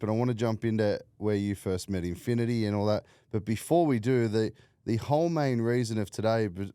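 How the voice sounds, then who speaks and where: A man's voice: lowish voice, warm tone, smooth, no room sound. A man hosting a casual podcast interview, blunt, swearing freely and laughing a lot. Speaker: podcast host.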